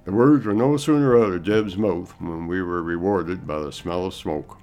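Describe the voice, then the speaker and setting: A man's voice: low-pitched, a little mellow, faint music behind. A man narrating a story in an easy, folksy manner. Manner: folksy, unhurried.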